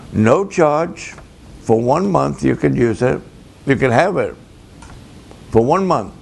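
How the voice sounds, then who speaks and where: A man, a pastor, telling a story slowly and dramatically, acting out both sides of the conversations. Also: medium pitch, vocal fry, a little hiss or hum. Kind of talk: storytelling sermon to camera.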